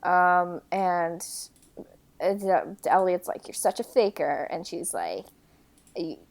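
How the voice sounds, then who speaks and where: A woman co-hosting a podcast, recapping a movie with wry, deadpan remarks and steady "mm-hmm"s. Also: fairly low pitch, slow. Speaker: podcast co-host. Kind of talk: casual movie-recap chat.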